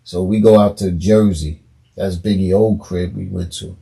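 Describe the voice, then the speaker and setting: Podcast guest, middle-aged New man with a gravelly, mellow low voice, an animated storyteller. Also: moderate pace. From New York. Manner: animated storyteller acting out quoted dialogue. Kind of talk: casual storytelling.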